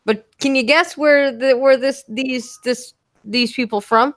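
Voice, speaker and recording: Brief: woman host of a casual live-stream chat, higher voice, dry and sarcastic, swears freely. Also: fairly even intonation, a little slow, a bit bright. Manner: dry, sarcastic-sounding delivery with frequent swearing. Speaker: podcast host.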